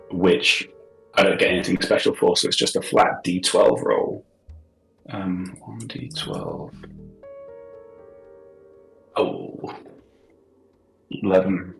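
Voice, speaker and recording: A man's voice: low-pitched, gravelly. A man playing in a tabletop game, describing his character's actions in a rambling, hesitant way. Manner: rambling, full of fillers and restarts. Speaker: player. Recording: roomy echo.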